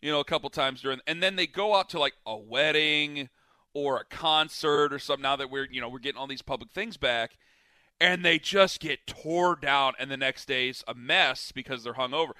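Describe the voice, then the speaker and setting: A married man co-hosting a podcast, telling a rambling story and quoting people in animated bits. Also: mid-range voice, normal speed, clear, resonant tone, no echo, clean studio sound. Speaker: podcast co-host. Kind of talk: casual banter.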